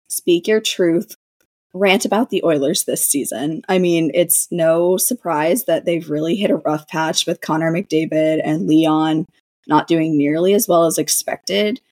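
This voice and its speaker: A woman's voice: lowish voice, darkish tone, no room sound. A young woman hosting a podcast in casual chat, giggly and gushing. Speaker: podcast host.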